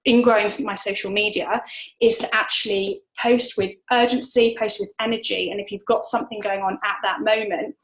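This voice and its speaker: A woman's voice: medium pitch, fairly even intonation, normal speed, rough recording. A woman gives casual advice from home. She talks in an upbeat, chatty way, with plenty of fillers and restarts. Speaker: interviewee, network marketer. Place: home room.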